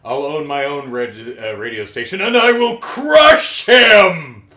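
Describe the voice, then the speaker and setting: A gloating tycoon villain booms out his schemes and cackles, as a man hams him up. He is loud and slow, with a roomy echo. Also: very animated, full character voice. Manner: cackling, boastful. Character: gloating male radio mogul villain.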